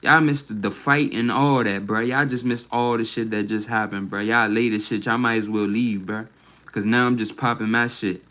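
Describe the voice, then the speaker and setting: A man's voice: lowish voice, steady tone, normal speed, a bit bright, rough recording. Man venting on a phone livestream. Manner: rambling, profane, ends nearly every phrase with "bruh". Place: at home.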